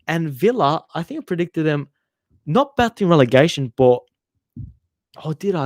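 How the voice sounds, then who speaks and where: A man's voice: on the high side, a little mellow, no echo, clean studio sound. A young man hosting a casual football livestream, rambling and swearing as he reads viewer comments. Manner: chatty and rambling, swears freely, trails off mid-sentence. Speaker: football channel host.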